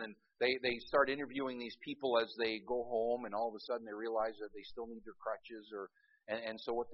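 A man preaches with emphatic swings from loud, urgent bursts to hushed intensity, often restarting words and dropping in folksy asides. His voice sits at an ordinary middle pitch, and the recording sounds a little dull and lo-fi. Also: breathy edge. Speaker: pastor. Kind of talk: sermon.

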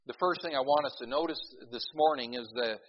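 A middle-aged pastor preaching a sermon in a folksy, storytelling way, with many restarts and emphatic peaks. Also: male voice, mid-range voice, fast. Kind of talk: sermon with a humorous opening story. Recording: dull lo-fi recording.

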